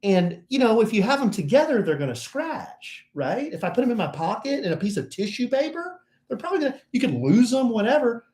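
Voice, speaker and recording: Man, co-host, casual live-stream chat, animated storyteller, lively swooping voice, echoey room. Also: very high voice, brisk, few pauses. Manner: animated storyteller, acts out other people's lines.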